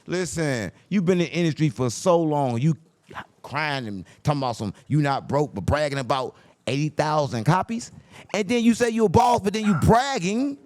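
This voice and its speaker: A man hosting a mocking commentary rant, repeating taunts and swinging between loud jabs and low mutters. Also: dry recording. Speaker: commentary host.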